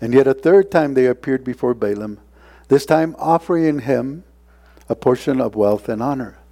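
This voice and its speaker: Mellow-voiced male preacher retelling scripture. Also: medium pitch, normal speed. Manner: storytelling, with frequent tag questions and chuckles. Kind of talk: sermon.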